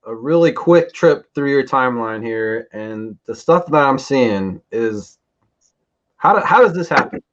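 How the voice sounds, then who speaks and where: A man co-hosts a casual podcast and asks questions with relaxed curiosity. He speaks slowly and at an ordinary pitch. The sound is dull and muffled. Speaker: podcast co-host. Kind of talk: casual chat.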